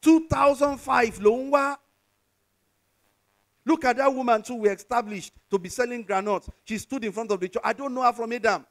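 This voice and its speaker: A man's voice: extremely high pitch, fast, hardly any pauses. A Nigerian pastor, a man, preaching a sermon with call-and-response to his congregation and slipping from English into Yoruba.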